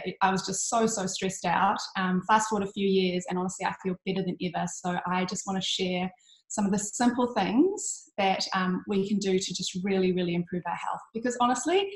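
Chatty, tired woman health coach, talking in an echoey room, loose and rambling. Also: medium pitch. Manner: chatty, with frequent ums and restarts; uses 'bloody' as an intensifier. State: tired from little sleep. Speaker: health coach giving an online talk. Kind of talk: casual presentation.

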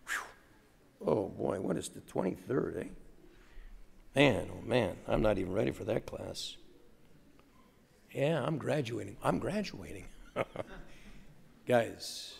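A man's voice: medium pitch, creaky, husky. A man giving an enthusiastic motivational speech to college students, rallying the audience with call-and-response in a lecture hall. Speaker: guest speaker. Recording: roomy hall reverb, faint audience.

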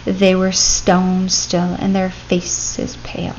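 A woman reading a classic children's story aloud as a storyteller, with expressive, steady pacing. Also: on the low side, slow, highs cut off, a little hiss or hum.

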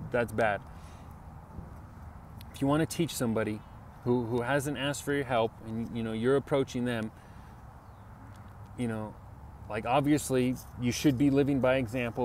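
Man, mid-pitched, earnest casual sermon, repetitive, faint street noise behind. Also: a little mellow. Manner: earnest, repetitive, conversational, with many "you know" and "right?". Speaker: Bible teacher.

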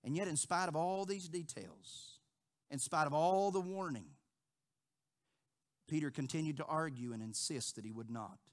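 A male pastor preaching a sermon, repeating phrases and acting out quotes with big swings from quiet to loud. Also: fairly high pitch, moderate pace. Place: church sanctuary.

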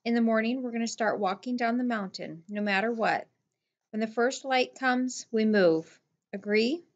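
A woman's voice: a little high, normal speed, muffled recording, close to an everyday voice. A woman voicing a stranded teenage city boy who is frustrated and blames himself, in a bitter, exasperated way. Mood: determined.

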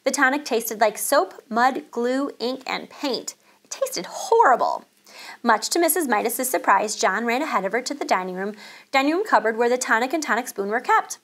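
A woman teacher reading a children's chapter book aloud, calm and expressive. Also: a little high, brisk.

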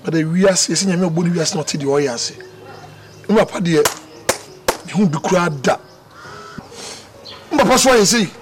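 A man's voice: on the high side, normal speed, long pauses, background noise, lightly acted. A man with a Ghanaian accent playing a desperate man who begs his partner to stay, pleading emotionally and mixing Twi and English. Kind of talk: film acting. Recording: faint film score underneath.

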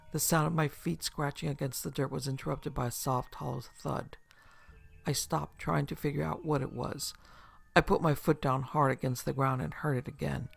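A man reading a scripted horror story in steady first person, his voice gravelly and full of vocal fry. He sits slightly above the usual male pitch, and soft music plays underneath. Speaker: narrator.

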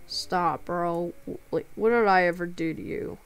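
A woman's voice: lowish voice, normal speed, vocal fry, clean tone, dry recording, faint music behind. A woman streaming a game live, upset and close to tears, talking in stammering restarts with a plaintive tone.

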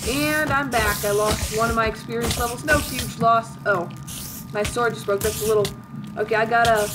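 A woman hosting a let's-play video, chatting through a game in a playful, mock-dramatic way. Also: a little high. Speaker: gaming video host.

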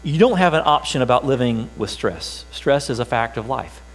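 A man's voice: mid-range voice, lively intonation, moderate pace, poor audio. A pastor preaching a sermon in a church, emphatic and repeating his key phrases.

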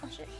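A woman streaming in casual chat, flustered and mocking herself.

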